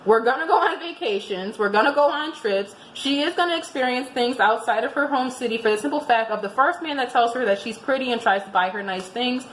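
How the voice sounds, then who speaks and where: Lively, chatty woman reviewing a book. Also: on the high side, fairly quick, hardly any pauses, slight background noise. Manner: chatty and expressive, restarts often. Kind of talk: casual book review vlog. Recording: roomy echoing room.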